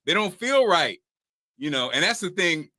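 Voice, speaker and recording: A man hosts a casual talk show with a high, bright voice. He tells animated stories and often laughs through his points. The sound is dry and close. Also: moderate pace, dry recording. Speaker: podcast host. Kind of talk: casual chat.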